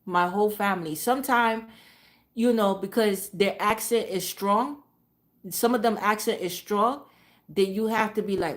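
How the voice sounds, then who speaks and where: A woman talking casually to her viewers in a rambling, repetitive flow. Her voice sits at an ordinary middle pitch, and she drops into quiet mutters between points. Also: steady tone, normal speed. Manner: rambling, repeats herself, trails into low mutters. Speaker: vlogger. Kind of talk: casual monologue.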